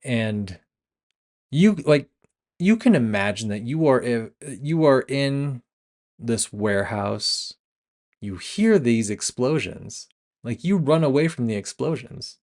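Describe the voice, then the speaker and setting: A man's voice: medium pitch, lively intonation, takes it slowly, darkish tone. A young man hosting a casual film review podcast, retelling scenes with laughs, restarts and self-corrections. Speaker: podcast host. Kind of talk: casual movie review chat.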